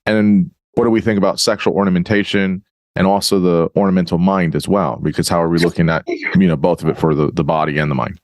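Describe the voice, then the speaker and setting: A male podcast host talks quickly in a very deep voice. His sound is dry and close. He asks questions and adds short, encouraging interjections in a casual interview. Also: fairly even intonation, darkish tone, no room sound.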